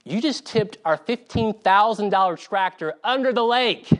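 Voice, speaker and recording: A male preacher voicing a stern mother who scolds a young worker in a low, hushed, reproachful voice. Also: normal speed.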